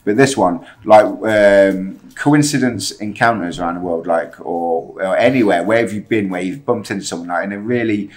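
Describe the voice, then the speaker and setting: Low-voiced, hesitant podcast host. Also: male voice, moderate pace, hardly any pauses, darkish tone. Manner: hesitant, full of fillers and restarts. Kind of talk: casual podcast chat.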